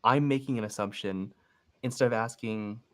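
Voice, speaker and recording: A man's voice: medium pitch, normal speed. A young man on a casual coaching call, walking through his steps one at a time and acting out sample phone calls. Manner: relaxed, explains step by step and acts out sample phone calls. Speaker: real estate investing coach. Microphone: video call.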